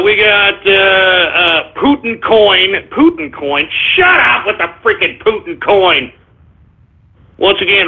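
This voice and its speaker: A man's voice: sits high, creaky. A male talk radio host reading out listener names and ranting, abrasive and sarcastic, throwing insults at his audience. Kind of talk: live internet radio shout-outs and rant. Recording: tinny phone-like sound.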